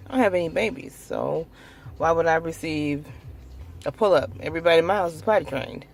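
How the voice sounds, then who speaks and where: A woman in her thirties talking slowly in a personal vlog, hesitant, with many pauses. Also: deep voice, creaky. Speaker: vlogger.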